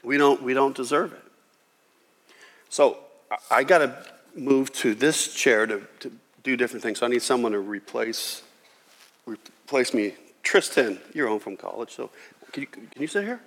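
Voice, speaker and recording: A man preaching a sermon as a pastor, animated, voicing Jesus and God in quoted lines. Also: mid-range voice, normal speed. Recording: reverberant hall.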